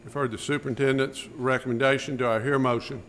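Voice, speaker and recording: A man chairing a school board meeting, running through motions and votes in a brisk, routine manner. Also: mid-range voice, fairly even intonation, fairly bright tone, slight background noise. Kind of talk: formal meeting procedure.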